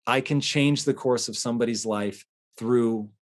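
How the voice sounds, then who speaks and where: A man hosting a podcast, talking earnestly about emotions and telling a personal story in an animated way. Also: mid-range voice, normal speed. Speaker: podcast host. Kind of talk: casual motivational talk.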